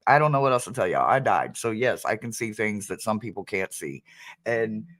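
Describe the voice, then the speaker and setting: A man's voice: on the low side, lively intonation, normal speed, a bit bright. A man hosting a casual livestream as a psychic medium, chatty and laughing often as he talks to his viewers.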